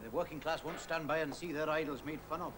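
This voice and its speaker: A man's voice: on the high side, fast talker, lightly acted. An actor playing a teasing, well-read Scottish factory worker, a middle-aged man with a Scottish accent and an ironic way with words. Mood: wry. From Scotland. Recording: hissy old television broadcast.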